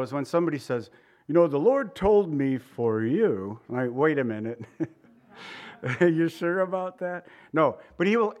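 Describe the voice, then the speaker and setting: A man preaching a sermon in a conversational way, with rhetorical asides and slowing down to stress key lines. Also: fairly high pitch. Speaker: pastor.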